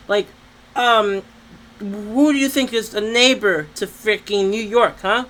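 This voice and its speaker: A teenager from New Jersey co-hosting a casual podcast, rambling with many restarts and breaking into loud mocking impressions. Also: medium pitch, fairly even intonation, normal speed, low-quality recording. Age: teen. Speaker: podcast co-host. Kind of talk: casual chat.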